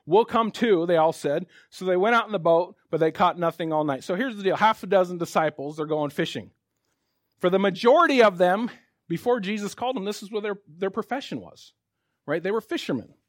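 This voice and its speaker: A man's voice: high-pitched, animated, fairly quick, no room sound, studio quality. A man preaching a casual, conversational sermon, reading scripture and then building to emphatic exhortation. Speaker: pastor.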